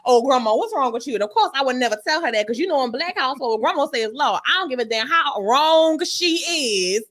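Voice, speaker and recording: A woman sex educator chats on a radio show. Her voice sits a little high. She tells stories loudly and animatedly, with salty slang. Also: brisk. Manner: loud, animated storyteller, breaks into laughter, salty slang. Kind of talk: casual radio chat.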